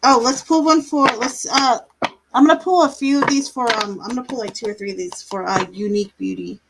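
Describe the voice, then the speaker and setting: A woman's voice: on the high side, fairly even intonation, brisk, vocal fry, very noisy. A woman doing tarot readings on a live stream, chatty, laughing now and then, drawing out her words. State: yawning, a bit tired. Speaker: tarot reader.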